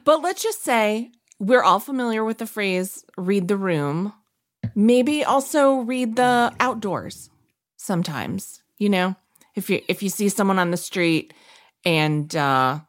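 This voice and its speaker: A woman co-hosting a podcast in casual chat, laughing easily and giving measured advice. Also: medium pitch. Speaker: podcast co-host.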